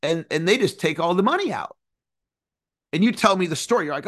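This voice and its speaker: A man in his forties giving an earnest, animated motivational lesson, sometimes singing a phrase. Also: high-pitched, fairly quick. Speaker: success coach. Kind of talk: motivational teaching talk.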